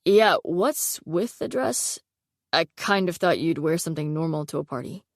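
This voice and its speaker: A woman's voice: sits low, expressive, normal speed, no echo. A woman voicing a teasing teenage boy next door who talks in dry, mocking banter.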